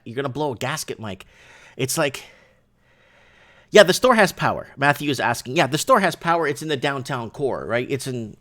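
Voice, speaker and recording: A man hosting a casual livestream from his shop, rambling and excitable, often restarting and asking "right?". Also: mid-range voice. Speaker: livestream show host.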